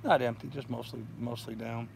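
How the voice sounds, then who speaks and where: A man's voice: mid-range voice, level tone, a little fast, background noise. An older man chatting casually on a live stream from his boat in a bay, telling rambling stories. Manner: rambling storyteller. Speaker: sailing vlogger.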